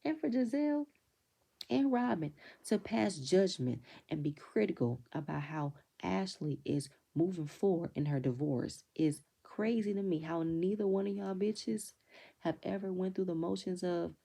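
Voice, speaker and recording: A woman's voice: fairly low pitch, lively intonation, normal speed, gravelly, warm tone. A woman giving a blunt, opinionated recap of a reality TV episode, swearing freely and acting out quotes in raised voices. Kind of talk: casual recap commentary.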